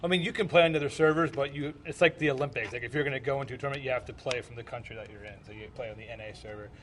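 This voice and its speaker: A man's voice: medium pitch, rapid-fire, fairly bright tone, slight background noise. A young man from the United States co-hosting a podcast, chatting casually and rambling with lots of fillers and repeated words. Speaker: podcast co-host. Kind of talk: casual chat.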